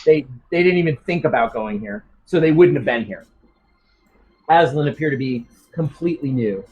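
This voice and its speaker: A man's voice: mid-range voice, expressive, normal speed, a little mellow, lo-fi sound. A man narrating as game master for a tabletop game, rambling with many ums and restarts.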